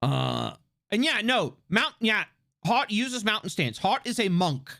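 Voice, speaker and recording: A streamer chatting live, full of fillers, restarts and quick laughs. The pitch swings a lot, so the talk stays lively and animated. The voice sits at a middle pitch for its kind. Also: gravelly. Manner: excitable, laughs often. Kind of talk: casual livestream chat.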